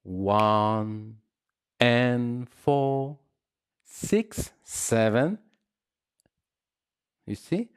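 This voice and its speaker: A man teaching salsa rhythm, counting beats and scatting the patterns aloud in halting English. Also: fairly low pitch, expressive, dry recording, clean studio sound. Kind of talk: dance lesson explaining rhythm.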